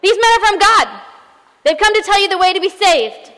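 A woman voicing a frantic young slave girl who keeps shouting the same words, within a sermon. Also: fast, in a large hall. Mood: shrieking. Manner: shrill repeated shouting.

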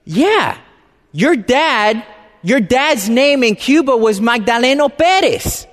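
A man's voice: extremely high pitch, big pitch swings, slow, a bit bright, pitched above the performer's own voice, exaggerated voice. A man voicing his elderly mother as she explains family history in a matter-of-fact way. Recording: reverberant hall.

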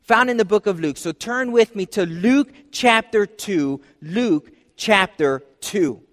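A man preaching a sermon as pastor, conversational, dropping soft and low for emphasis. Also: expressive, slow. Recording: long hall reverb.

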